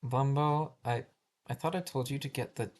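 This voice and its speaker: A man's voice: mid-range voice, moderate pace, natural voice. A man voicing a flustered first-grade teacher who stumbles, restarts his sentences and keeps apologizing. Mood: patient. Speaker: schoolteacher taking roll call. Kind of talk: amateur animation voice acting.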